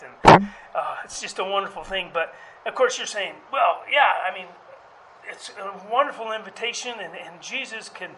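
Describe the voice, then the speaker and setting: A man's voice: high voice, a bit bright, slight background noise, rough recording. A male pastor preaching a sermon in a conversational way, with fillers and restarts, rising to emphatic calls.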